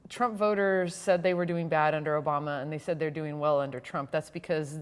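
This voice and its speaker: A woman's voice: low-pitched, fairly even intonation, fairly quick, clear, resonant tone. A woman from the Texas-Mexico border, co-hosting a political discussion, thoughtful and laughing often. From Texas-Mexico border, USA. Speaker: co-host. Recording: long reverb.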